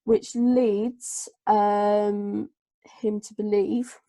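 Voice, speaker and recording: A woman tutor, running a live online group lesson and dictating analysis slowly with many fillers. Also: medium pitch, flat delivery, dark tone, dry recording. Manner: slow, hesitant dictation with many fillers while writing. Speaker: English tutor.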